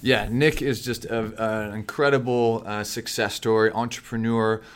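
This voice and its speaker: A man with a slightly low voice introduces a guest on a podcast. He sounds enthusiastic and pauses often on fillers. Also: fairly even intonation. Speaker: podcast co-host.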